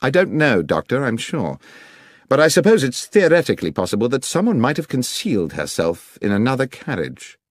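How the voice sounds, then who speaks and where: A man voicing an eager, earnest male police inspector in an audiobook, deferential and pitched well above his own voice. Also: big pitch swings, a little fast, no room sound, clean studio sound.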